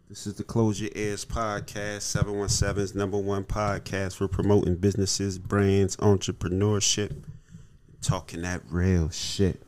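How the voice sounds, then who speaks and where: Slangy laid-back podcast host, low voice. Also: male voice, little pitch movement, measured pace, darkish tone, slight background noise. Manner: loose, slangy, swearing, laughs easily. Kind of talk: casual podcast chat.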